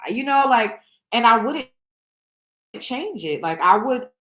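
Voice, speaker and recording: A woman's voice: fairly high pitch, very animated, slow pace, a bit bright. Blunt, emotional woman vlogging candidly. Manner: emotional, blunt, swears freely; rambling, many restarts and fillers. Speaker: show host. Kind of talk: candid reaction vlog.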